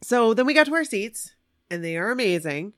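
A woman excitedly recounting a concert to a friend in casual chat, gushing and animated. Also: on the high side, brisk, no echo, studio quality. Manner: animated, gushing fan storytelling.

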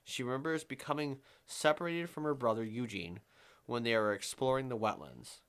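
Fast-talking New man. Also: mid-range voice, animated, a bit bright, smooth. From New England. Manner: fast-talking, swears casually, reads stories aloud. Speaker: podcast co-host. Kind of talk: casual podcast chat and story reading.

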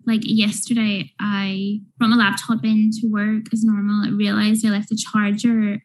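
A woman's voice: medium pitch, monotone, normal speed, rough recording. A young woman, chatting casually as a podcast guest, full of fillers. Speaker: guest, small business owner.

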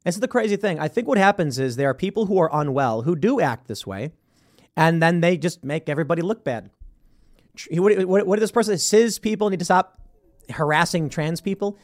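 Animated high-voiced man telling a story. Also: fairly quick. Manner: rambling, animated, acts out quoted voices. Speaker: show host. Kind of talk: casual storytelling and commentary.

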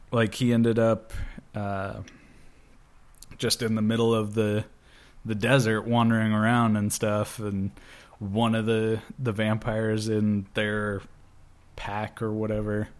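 A man in casual chat, talking slowly and rambling with lots of fillers. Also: lowish voice, level tone. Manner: slow, rambling, many fillers. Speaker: guest. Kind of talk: casual chat about comic books.

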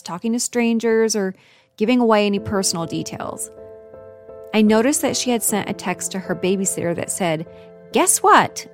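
A woman tells her own story in a measured, earnest scripted narration, her voice sitting at an ordinary middle pitch. Soft music plays faintly underneath.

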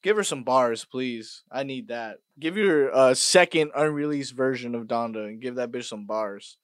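A man hosting a podcast, ranting casually and profanely, dropping to mutters and then bursting out loud. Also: mid-range voice, normal speed, clean tone, no room sound, studio quality. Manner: profane, swings between mutters and loud outbursts. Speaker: podcast host. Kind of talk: casual rant monologue.

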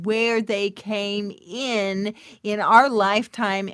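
Middle-aged female faith-podcast host and coach; unhurried, bubbly, prayerful, dry close-mic sound. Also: mid-range voice, no echo. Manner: bubbly, laughs often, swings from soft prayer to excited chatter.

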